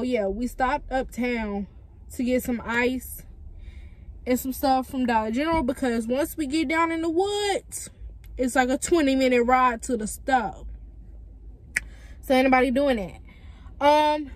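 Young woman vlogging on her phone in the car, kinda high voice, hyped and chatty, gets loud sometimes. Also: low-quality recording. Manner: chatty and excitable, breaks into hollering. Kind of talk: casual selfie vlog. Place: inside a car on a road trip. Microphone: phone held at arm's length.

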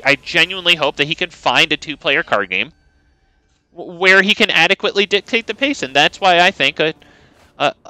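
Lively, bright-voiced male game streamer. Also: on the high side, no room sound, rough recording. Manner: joking, sarcastic, rambling with chat. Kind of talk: casual gameplay commentary.

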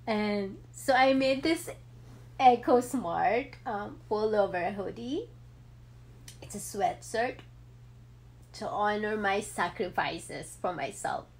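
A woman in her thirties talking heartfelt and emotional in a personal vlog, with many ums and pauses. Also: medium pitch. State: emotional, near tears. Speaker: vlogger.

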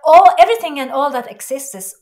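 A woman interview guest telling a personal story in an earnest, emotional way, halting and restarting. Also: sits high, darkish tone.

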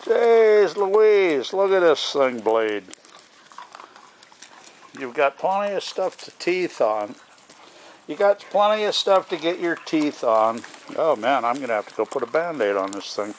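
Man coaxing puppies, unhurried. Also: mid-range voice, expressive, a little hiss or hum. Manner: talks to the dogs in a raised, coaxing voice. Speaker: dog owner filming puppies. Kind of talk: casual talk to puppies while filming.

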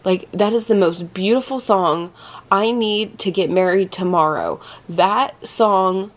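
A young woman vlogging at night, talking into her phone in a gushing, excited way and saying "like" a lot. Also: medium pitch, unhurried. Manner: gushing, excited, heavy use of "like". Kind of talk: casual chat to camera. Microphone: phone held in hand.

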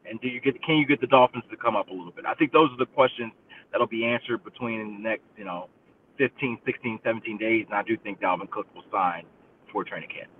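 Man analyzing football over a tinny phone line. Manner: measured, analytical. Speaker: football reporter guest. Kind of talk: call-in sports analysis. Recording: distant phone line with rumble.

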